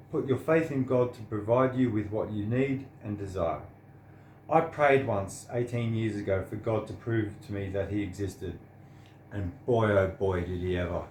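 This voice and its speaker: A man's voice: on the low side, darkish tone, a little hiss or hum. Earnest man in an echoey room. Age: 30s. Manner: earnest, sincere and preachy. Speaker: vlogger. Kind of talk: personal monologue to camera.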